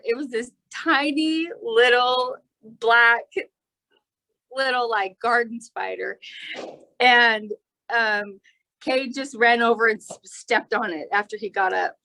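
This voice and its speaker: A woman's voice: a little high, fairly even intonation, unhurried, bright, forceful tone, rough recording. A woman chatting as she tells a story about a family friend, amused and full of fillers. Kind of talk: casual storytelling.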